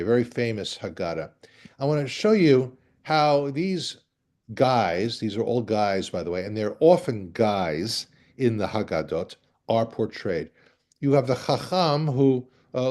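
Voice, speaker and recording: Wry, animated male lecturer. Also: medium pitch. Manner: wry, animated speaker who spells out names. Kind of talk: illustrated lecture.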